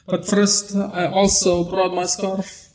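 A man's voice: high-pitched, completely flat delivery, takes it slowly, darkish tone. A man co-hosting a casual chat, teasing and boasting playfully. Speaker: co-host.

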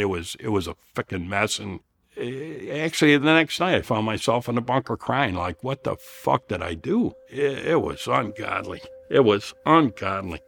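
A man's voice: on the low side, vocal fry, fairly bright tone. A man in his seventies from the area, telling war stories in a blunt, profane, rambling way. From Elmhurst, Illinois. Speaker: guest, Vietnam veteran. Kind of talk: casual storytelling.

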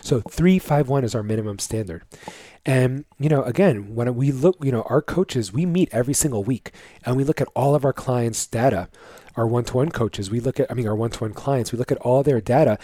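A man's voice: mid-range voice, fairly quick, warm tone, no echo. A man, a fitness coach, lecturing viewers bluntly in a casual monologue full of fillers.

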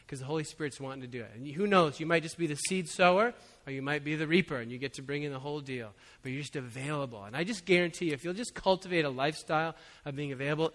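A man preaching as a pastor, telling a personal story in a relaxed, conversational way with frequent chuckles. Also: fairly high pitch. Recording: long hall reverb.

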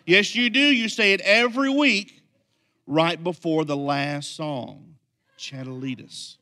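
A man's voice: mid-range voice, fairly even intonation, unhurried, vocal fry. A man voicing a curious, earnest kindergarten boy while telling a story in a sermon. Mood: insistent.

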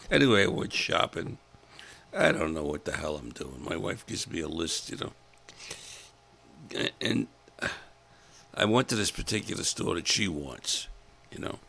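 An older man, a comedian telling crude, animated stories in a casual monologue and acting out the people in them. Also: lowish voice, vocal fry. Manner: animated storytelling, acts out other voices, blunt and crude. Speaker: comedian host.

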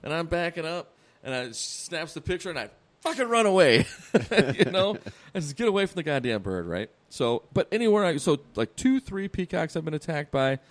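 A man's voice: a little high, sing-song, normal speed. A man co-hosting a casual podcast, telling profane stories and often breaking into laughter. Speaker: podcast co-host. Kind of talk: casual storytelling.

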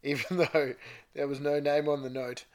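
A man's voice: fairly high pitch, level tone, normal speed. A man co-hosting a podcast, reading fanfiction aloud in a playful way. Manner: playful, breaks into laughter while reading. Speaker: podcast co-host.

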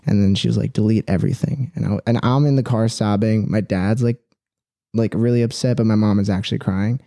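A man's voice: on the low side, steady tone, a little fast, creaky, mellow, no room sound, clean studio sound. A young man chatting casually as a podcast guest, rambling with lots of "like" and "dude". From Philippine heritage.

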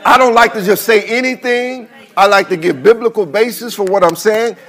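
A male pastor preaching a sermon, repeating phrases and building into chanted, shouted lines. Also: sits high, moderate pace.

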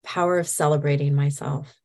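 Guest hypnotist, female, low voice, earnest and enthusiastic. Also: fairly even intonation, brisk, gravelly, a little mellow. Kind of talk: casual chat.

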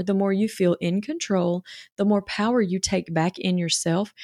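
A woman's voice: fairly low pitch, vocal fry, darkish tone, no room sound, studio quality. A woman talking as a parenting coach, chatty and reassuring, with lots of fillers. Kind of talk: casual coaching talk.

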